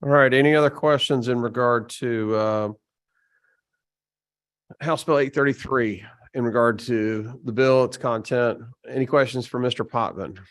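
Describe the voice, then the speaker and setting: A man chairing a legislative committee meeting, speaking haltingly with many fillers and restarts. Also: medium pitch. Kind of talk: formal committee proceedings.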